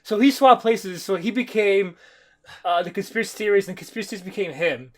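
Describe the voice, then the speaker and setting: A man with a high voice talks quickly on a casual review podcast. He recaps with excited, rambling energy and often restarts his sentences. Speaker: podcast co-host. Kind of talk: casual comic-book review chat.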